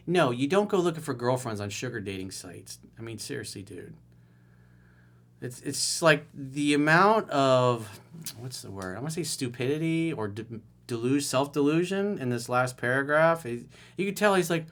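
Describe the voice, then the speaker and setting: A man's voice: mid-range voice, lively intonation, moderate pace, a bit bright. A middle-aged man coaching on relationships, reading out a viewer's email and answering it with blunt, mocking sarcasm. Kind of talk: solo video commentary reading a viewer email.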